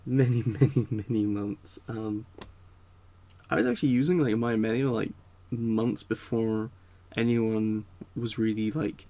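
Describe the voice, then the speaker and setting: A man's voice: on the low side, level tone, measured pace, mellow. A man giving a casual, rambling spoken rant, full of fillers and restarts. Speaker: video creator.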